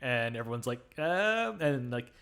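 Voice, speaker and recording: This is a man co-hosting a casual film review podcast, talking with bright, lively energy. His voice sits a touch high and clear. He keeps tumbling into loud quoted movie lines and laughing along the way. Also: normal speed. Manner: excitable, quotes lines in loud put-on bursts, laughs often. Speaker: podcast co-host.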